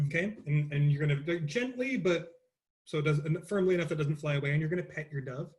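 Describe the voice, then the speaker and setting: A voice teacher leads an interactive lecture on vocal acoustics, explaining casually with many fillers and restarts and singing cooing warm-up patterns. He has a fairly high pitch and talks fast.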